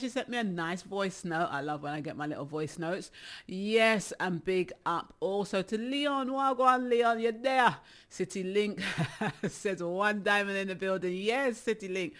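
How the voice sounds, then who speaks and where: A middle-aged DJ runs a casual live stream, firing off shout-outs and laughing easily along the way. The voice sits at a middling pitch and sounds a little short of breath. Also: a little slow. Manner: chatty, laughs often between shout-outs. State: slightly out of breath.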